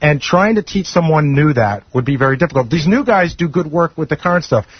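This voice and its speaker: A man on a radio show who talks quickly and earnestly, a bit on the defensive. His voice sits slightly high. The sound is muffled and lo-fi. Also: lively intonation, husky. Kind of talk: radio talk show banter.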